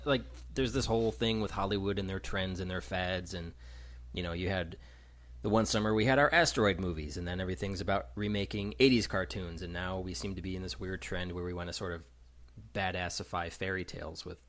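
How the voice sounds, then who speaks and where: A man's voice: low-pitched, steady tone, a little fast, a bit bright. Rambling, emphatic podcast man. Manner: rambling, emphatic, laughs often. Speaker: podcast co-host. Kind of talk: casual movie chat.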